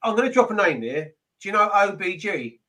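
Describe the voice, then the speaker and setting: A man's voice: high voice, very animated, fairly quick, pushed and bright. A man chatting bluntly with swearing in casual conversation. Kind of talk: casual chat.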